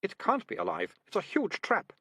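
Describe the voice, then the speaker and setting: A man voicing a sharp-tongued girl who hates rats, indignant and bossy. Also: high voice, wildly swooping pitch, normal speed, slightly rough, no echo, pitched above the performer's own voice, full character voice.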